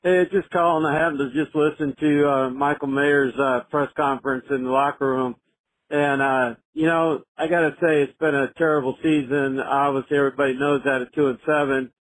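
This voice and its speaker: A man's voice: mid-range voice, steady tone, a little fast, fairly bright tone, low-quality recording. A man calling in to a sports show, talking casually and easily. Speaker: caller. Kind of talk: phoned-in fan comment.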